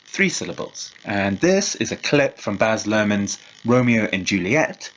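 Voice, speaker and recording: A male lecturer giving a recorded lecture in a measured, explanatory way and reading verse slowly. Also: lowish voice, expressive, fairly bright tone, lo-fi sound, a little hiss or hum.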